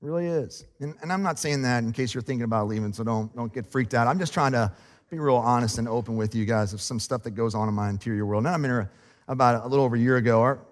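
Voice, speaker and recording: A man who is a pastor, preaching a sermon in a relaxed, conversational and self-deprecating way, laughing often. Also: mid-range voice, quick pace, long reverb tail. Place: church sanctuary.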